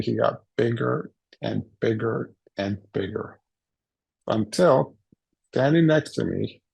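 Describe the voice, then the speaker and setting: A man's voice: mid-range voice, vocal fry, darkish tone, breathy edge, dry recording. A man telling a funny personal story at a summit, playfully acting out the voices he quotes. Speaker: summit speaker. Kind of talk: humorous personal storytelling talk. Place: recorded for a virtual summit.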